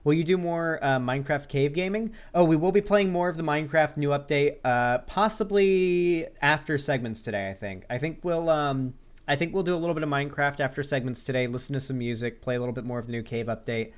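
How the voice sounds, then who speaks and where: A man's voice: on the high side, brisk. Rambling, sarcastic male streamer. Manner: answers viewer chat questions aloud. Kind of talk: casual livestream chat.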